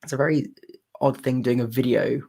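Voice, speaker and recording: Quick husky british guy in his 30s, chatty live chat host, lots of restarts. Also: medium pitch, fairly even intonation, darkish tone. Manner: chatty, repeats words while finding his point. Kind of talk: casual chat.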